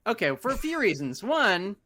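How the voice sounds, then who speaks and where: A man's voice: sits high, sing-song, moderate pace, sharp tone. A man co-hosting a podcast, playful and joking in casual chat. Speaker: podcast co-host.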